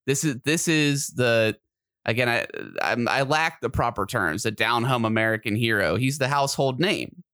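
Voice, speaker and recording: A man co-hosting a podcast in casual chat, excitable and quick to get loud and animated. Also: mid-range voice, clean tone, no room sound, clean studio sound. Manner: excitable, gets loud and animated when riled. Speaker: podcast co-host.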